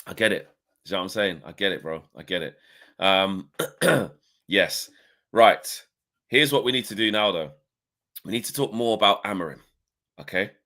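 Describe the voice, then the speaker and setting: A man talking football in a loose, rambling way, forever tossing in "you know" and "do you know what I mean". His voice sits a little low, and he chats from home on a video call. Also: normal speed, pauses often, sharp tone. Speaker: football podcast co-host. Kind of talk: casual football chat.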